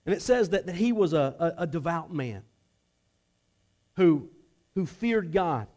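A man preaching a sermon in a relaxed, conversational way, often restarting phrases and acting out the voices in the story. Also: fairly high pitch, measured pace. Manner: conversational, with frequent restarts and acted-out quotes.

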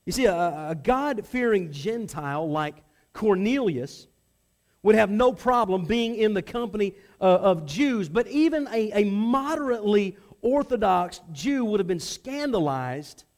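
A man with a high, slightly mellow voice preaches to a congregation in a conversational style. He frequently repeats words when restarting a phrase, and he shifts into acted-out voices for the people he describes.

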